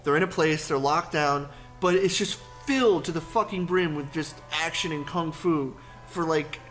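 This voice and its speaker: A young man with a high voice rambles excitedly in a casual podcast chat and swears freely. Faint music plays behind him. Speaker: podcast co-host.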